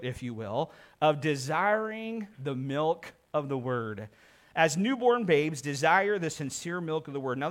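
Earnest man preaching a sermon. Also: a little high. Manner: earnest preaching, swells louder for emphasis. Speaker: pastor.

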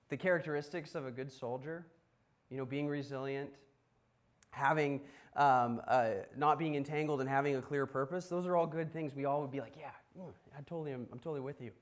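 Pastor guy preaching loose and chatty, kinda higher voice, talks right to the room. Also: steady tone, moderate pace. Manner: informal storytelling with asides to the congregation. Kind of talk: conversational sermon.

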